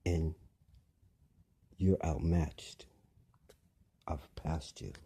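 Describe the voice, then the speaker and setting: A man's voice: rumbling low, fairly even intonation, drawn-out words, warm tone, breathy edge. A man delivering a rambling monologue, lecturing listeners, repeating phrases and asking them pointed questions.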